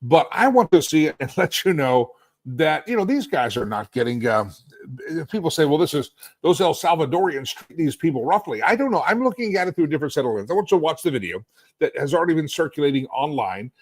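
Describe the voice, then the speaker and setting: A middle-aged man hosting a live political talk stream from a hotel suite, sarcastic and animated, rambling and restarting as he goes. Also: on the high side, quick pace, no echo. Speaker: talk show host.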